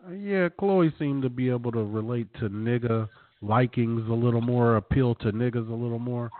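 Animated man reading out a list. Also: mid-range voice, moderate pace, slight background noise. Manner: animated, reads out figures from a list. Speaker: podcast co-host. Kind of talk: casual profane banter. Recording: dry, tinny phone-like sound.

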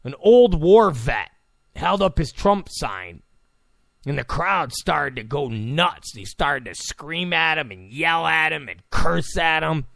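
A male talk radio host who rambles and mocks, with a gravelly, fairly high voice that swoops all over. It sounds dry and close on the mic. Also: expressive, slow pace, fairly bright tone, no echo. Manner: rambling, mocking, chuckling asides.

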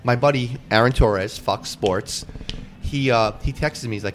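A man hosting a podcast, telling a story in a quick, animated, casual way with lots of "like". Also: mid-range voice, slight background noise. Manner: rapid, filler-heavy, animated retelling. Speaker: podcast host.

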